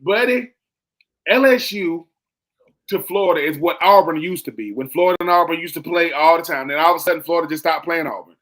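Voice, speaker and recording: High-voiced emphatic man. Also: brisk. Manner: emphatic, animated, repeats phrases for effect. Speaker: co-host. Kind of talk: sports talk radio chat.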